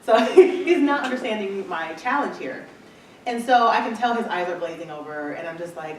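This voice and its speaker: A woman speaker tells her business story to an audience, acting out what people said to her as she goes. She sits at a middling pitch. The recording is distant and very echoey, with a faint hiss underneath. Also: moderate pace. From Michigan, USA. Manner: animated storyteller acting out quoted dialogue. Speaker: entrepreneur speaker. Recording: echoey hall, far from mic, faint noise.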